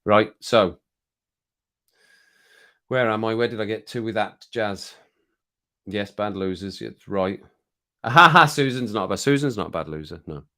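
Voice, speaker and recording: A man's voice: lowish voice, measured pace, pauses often, pushed and bright. A middle-aged man with an English Midlands accent, chatting casually and rambling to live viewers from his home streaming room, chuckling as he goes. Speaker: livestream host.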